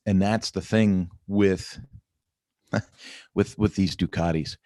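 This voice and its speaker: A middle-aged man talks through a casual morning check-in, upbeat and rambling, often checking in with the listener. His voice sits very low. The sound is dry and close, with no room around it. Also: moderate pace, a little mellow, dry recording. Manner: chatty, rambling, upbeat with repeated "right?" and "you know". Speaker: vlog host.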